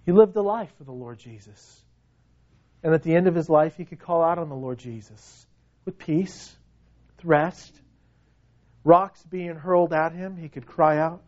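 A man preaching a sermon, dramatic, swinging from hushed words to loud cries. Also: a little high, muffled recording.

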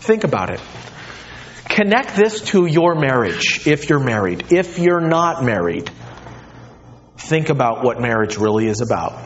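A male pastor preaching a sermon, emphatic and animated, his voice swinging widely in pitch. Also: a little slow, lo-fi sound.

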